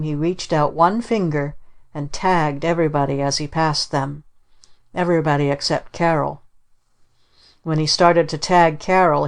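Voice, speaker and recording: A woman narrating a children's storybook in a measured way. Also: deep voice. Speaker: audiobook narrator. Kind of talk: scripted narration.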